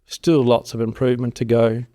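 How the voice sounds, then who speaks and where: In an interview, a middle-aged man who works as a farm consultant spins rambling, casual stories. His medium-pitched voice moves at a moderate pace, and he brings quotes to life by acting out the voices.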